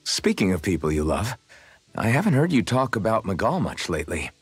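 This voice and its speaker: A man's voice: fairly low pitch, brisk, husky, no echo, faint music behind, exaggerated voice. An actor playing an earnest young male swordsman who proudly shows off his cooking, in a video game. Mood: warm. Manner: eager, proud, lively.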